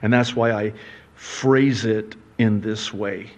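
A male pastor preaching a sermon, telling stories with rhetorical questions and swinging from hushed low asides to loud, high exclamations. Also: slow. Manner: animated storytelling with rhetorical questions.

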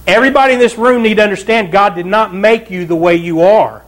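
A man's voice: high voice, quick pace. A pastor preaching a conversational sermon to his church, with asides and repeated calls of "Amen?" to the congregation. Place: church sanctuary.

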